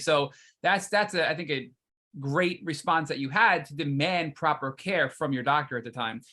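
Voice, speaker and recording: A man's voice: a little high, sharp tone. A man hosting a podcast interview, emphatically summing up the guest's story and asking follow-up questions. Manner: emphatic, sums up the guest's story and voices quoted lines. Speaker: podcast host.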